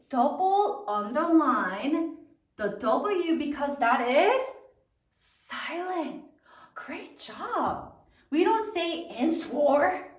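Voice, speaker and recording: A woman teacher leading a spelling lesson, slow and clear, praising her students. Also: a little high, fairly bright tone. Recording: roomy echo.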